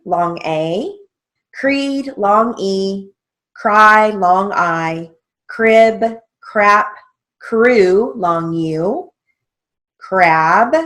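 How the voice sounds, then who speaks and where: A woman walks students through a stenography theory lesson. She speaks slowly and carefully, in a slightly low voice, and spells out letters and key strokes one by one. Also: a bit bright. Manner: slow, methodical, spells out letters and keys. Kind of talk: instructional lesson walkthrough.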